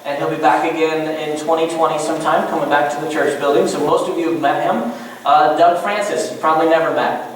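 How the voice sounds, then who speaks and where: A man preaching a sermon to his congregation as pastor, animated and joking in asides. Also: a little high, a little hiss or hum. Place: church. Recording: echoey church room from far off.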